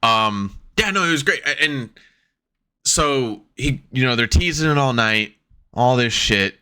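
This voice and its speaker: Bright-voiced excitable male podcast host. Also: mid-range voice, unhurried, clear, resonant tone. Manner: excitable, swears freely, acts out reactions. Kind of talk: casual chat.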